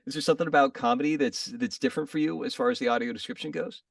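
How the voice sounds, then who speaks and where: A man's voice: medium pitch, rapid-fire, gravelly, dry recording, studio quality, distant mic. A man hosting an interview, asking rambling, self-correcting questions and laughing often. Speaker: podcast interviewer.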